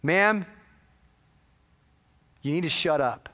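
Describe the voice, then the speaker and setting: A man's voice: on the high side, takes it slowly, bright, forceful tone. A man voicing a cold, dismissive woman emergency operator who scolds the caller, within a sermon. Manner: curt, dismissive. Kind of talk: sermon storytelling.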